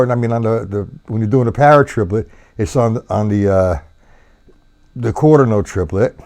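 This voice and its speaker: A man's voice: medium pitch, moderate pace, a little mellow. Man teaching drums on a live stream. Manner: counts beats aloud while demonstrating; loose, swears at own mistakes. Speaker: drum teacher. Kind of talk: live-streamed drum lesson. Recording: faint drum kit in the room.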